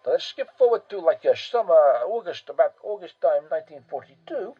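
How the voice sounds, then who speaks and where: A man's voice: sits high, animated, fairly quick, slightly rough, lo-fi sound. A man telling history in a casual, profane, rambling way full of fillers and restarts. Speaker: history podcast host.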